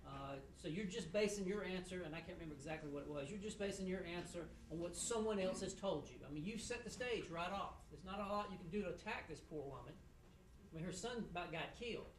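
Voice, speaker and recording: A man's voice: sits high, a little hiss or hum. Distant middle-aged man judging in an echoey courtroom. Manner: halting and repetitive, with dry humor. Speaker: judge. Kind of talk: spoken feedback to students after a mock trial.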